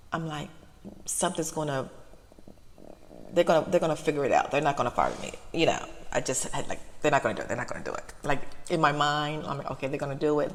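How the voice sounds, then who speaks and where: A woman with a deep, gravelly voice talks in a halting, soft-spoken ramble from her parked car. She is close to tears and repeats herself often, with a long reverb trailing behind her. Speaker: ASMR channel host.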